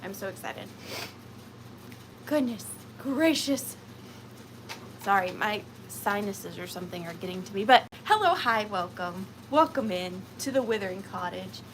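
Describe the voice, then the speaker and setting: A woman's voice: medium pitch, moderate pace, hardly any pauses, a bit bright, slight background noise, rough recording. A woman from Georgia, hosting a casual livestreamed vintage and antique sale. She chats in a rambling way, laughs often and uses lots of fillers. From Georgia, USA.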